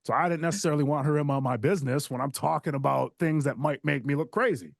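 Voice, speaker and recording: A man telling a rambling personal story in a casual podcast conversation, animated and often checking in with "right?". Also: a little high, quick pace, creaky, no room sound, studio quality.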